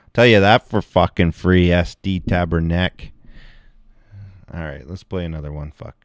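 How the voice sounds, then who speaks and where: A man's voice: low-pitched, normal speed, no room sound, clean studio sound. A man streaming and reacting to videos in crude casual chat, swearing constantly. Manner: crude, heavy swearing, laughing.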